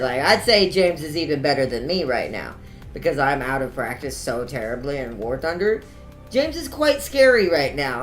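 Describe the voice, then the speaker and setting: A man's voice: fairly high pitch, a bit bright. A man giving casual gameplay commentary as a streamer, chatty and laughing often while he reads game dialogue aloud. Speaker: let's play streamer. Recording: echoey room.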